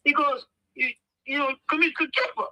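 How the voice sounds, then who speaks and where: An American man in his 50s guests on a podcast, telling casual stories animatedly and acting out the voices of the people in them. His voice is very high at normal speed. The audio is poor, with no room sound.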